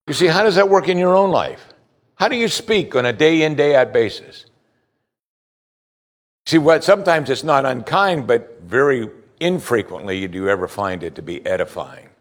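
A man preaching a sermon as pastor, putting direct questions to his listeners with emphasis. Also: on the high side.

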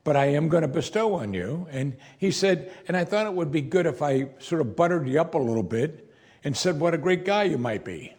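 A man with a fairly high voice speaks fairly quickly, preaching an expository sermon in an animated, conversational style. Now and then he playfully acts out the lines of the people in the story.

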